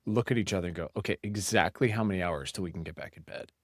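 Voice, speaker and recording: A man's voice: sits low, fast, dry recording, studio quality. A middle-aged man co-hosting a podcast, chatting casually and telling stories in a blunt, profane way. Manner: profane, blunt, animated storyteller. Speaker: podcast co-host. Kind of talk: casual chat.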